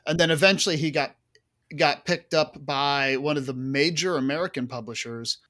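Podcast co-host, man, slightly high voice, casual and chatty, lots of asides. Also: normal speed. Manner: animated, lots of fillers and asides. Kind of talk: casual chat.

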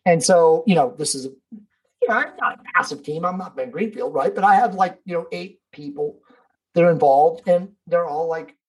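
Husky, emphatic man preaching on a podcast. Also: a little high, lively intonation, moderate pace, poor audio. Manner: emphatic, preachy, swears freely, says bro and dude. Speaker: podcast guest. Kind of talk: casual podcast conversation.

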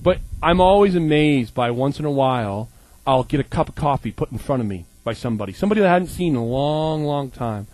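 A man in his thirties preaching a humorous sermon, animated and joking as he acts out little scenes. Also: medium pitch, fast talker, rough recording. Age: 30s.

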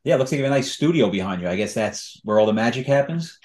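A man hosting an interview podcast, talking casually with halting restarts. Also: mid-range voice, animated, darkish tone. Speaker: podcast host.

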